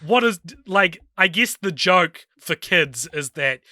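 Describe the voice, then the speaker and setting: A man with a very bright, forceful voice recaps a movie for a podcast, amused and laughing often. He talks in halting stretches with plenty of fillers, pitched a little high for a man. The recording is close and dry. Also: expressive, dry recording. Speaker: podcast co-host. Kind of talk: casual film review chat.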